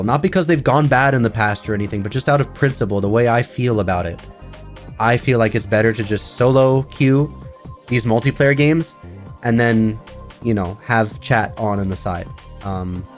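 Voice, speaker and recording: A man streaming as a VTuber, chatting casually in a rambling way full of fillers and restarts. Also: mid-range voice. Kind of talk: casual livestream chat.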